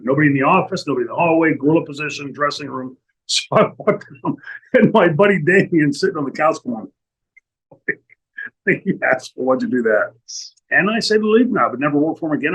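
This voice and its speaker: A middle-aged man tells a profane story as an interview guest. His voice is husky and sits a little high. He acts out every quote with animated energy. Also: fairly quick, rough recording.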